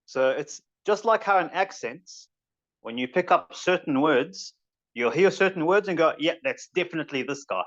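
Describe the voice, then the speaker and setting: A man's voice: fairly high pitch, lively intonation, normal speed, a bit bright, muffled recording. A man with a New Zealand accent teaching a tajweed class online in a casual, rambling way, now and then reciting Arabic verses. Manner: informal, rambling explanations with recited Arabic phrases.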